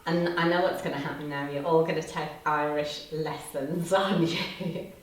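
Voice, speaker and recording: A woman in her fifties hosts a livestream, chatting casually in a low, steady voice at normal speed while reading out and answering viewer comments and laughing often. The room is echoey, she sits distant from the mic, and there's a faint hiss.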